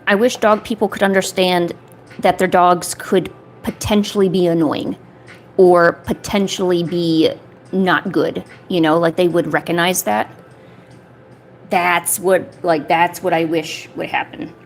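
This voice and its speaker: A woman's voice: on the low side, fairly even intonation, a little slow. A woman chats casually as she works on a paper art piece, rambling from one thought to the next. She leans on "you know" and "like" constantly. There is a faint ambient hum behind her. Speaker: art streamer. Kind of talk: casual chat while making paper art.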